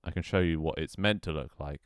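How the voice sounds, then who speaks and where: Speaking a little fast in a very deep, low voice with a clean tone, a streamer works through a game level out loud, muttering to himself. Swearing is frequent, he jokes with chat, and his voice cracks at times, recorded dry and close with no room echo.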